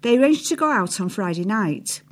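A woman narrating a feature article in a steady read-aloud style, dropping her voice on the speech tags. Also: mid-range voice, normal speed. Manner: reads quotes with a lift, drops for speech tags. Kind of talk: scripted narration reading quotes aloud.

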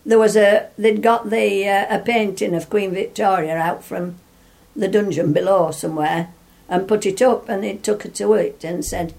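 Gravelly older woman reminiscing. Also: medium pitch, normal speed, darkish tone. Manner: rambling, full of restarts, laughs while telling. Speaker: interviewee. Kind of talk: reminiscing storytelling.

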